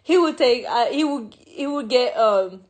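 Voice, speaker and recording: A young woman from France, a native French speaker talking in English, telling her own story in a halting way, repeating words and correcting herself. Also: on the high side, expressive. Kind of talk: personal confessional monologue.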